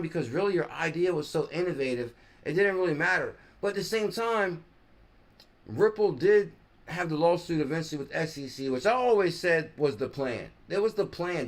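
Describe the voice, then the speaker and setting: Rambling male crypto live streamer. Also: on the high side. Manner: rambling, thinks aloud, trails off and corrects himself. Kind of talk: casual live stream commentary.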